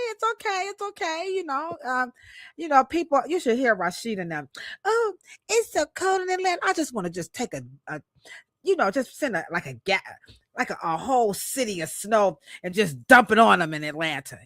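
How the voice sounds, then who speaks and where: A woman's voice: high voice, sharp tone, no room sound, clean studio sound. A woman from Cleveland co-hosting a podcast in a playful, joking, hyped-up way, speaking. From Cleveland, Ohio. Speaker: podcast co-host. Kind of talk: lively casual podcast chat.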